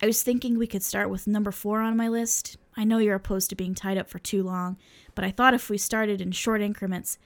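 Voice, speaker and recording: A woman's voice: mid-range voice, fairly even intonation, brisk, close to an everyday voice. A woman reading aloud the lines of an earnest, formal male angel who speaks in a stiff, overly proper way.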